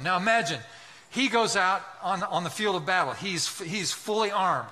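A man delivers an impassioned sermon in a high, piercing voice. His tone is forceful and tense, and he presses one rhetorical question after another while now and then acting out voices from the story. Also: normal speed. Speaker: pastor.

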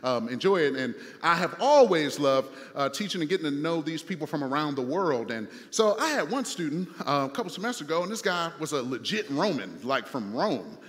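Male pastor, higher register, chatty preaching style, church hall reverb. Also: sing-song, a little fast, hardly any pauses, fairly bright tone. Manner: conversational preaching with repeated phrases and fillers. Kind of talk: sermon.

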